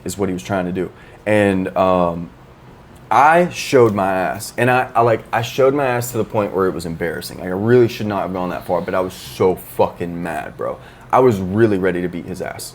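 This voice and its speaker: A man co-hosting a podcast, telling a story in a heated, profane, animated way. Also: on the low side, fairly quick. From Florida. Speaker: podcast co-host. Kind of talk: casual chat, telling a story.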